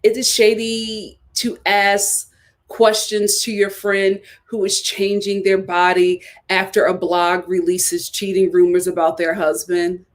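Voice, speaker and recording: A woman's voice: medium pitch, measured pace. Fired-up woman recapping reality TV. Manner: animated, indignant, rhetorical questions. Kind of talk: live reality show review.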